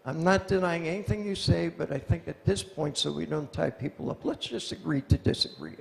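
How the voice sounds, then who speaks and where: A man with a gravelly, fairly high voice tells animated stories while answering audience questions. His voice rings with the long reverb of a lecture hall. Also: a little fast. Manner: animated storyteller, acts out quoted voices. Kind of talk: lecture Q&A, anecdotal storytelling.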